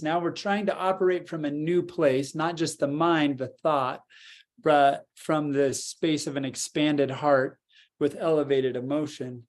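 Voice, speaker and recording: A man co-hosting a podcast, guiding a meditation and then chatting calmly and reflectively. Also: on the high side, a little slow. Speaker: podcast co-host. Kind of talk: guided meditation and casual talk.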